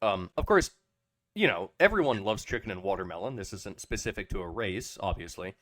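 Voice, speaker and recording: A man hosting a casual podcast, talking in a halting, low-key way with many pauses. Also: expressive, fairly bright tone, dry recording, studio quality. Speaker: podcast host.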